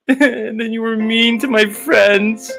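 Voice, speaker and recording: A man's voice: very high-pitched, steady tone, takes it slowly, vocal fry, fairly bright tone, soft background music, heavily acted. A man putting on the voice of a clingy, lovesick male superfan who pleads and giggles with dramatic devotion. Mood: lovesick pleading.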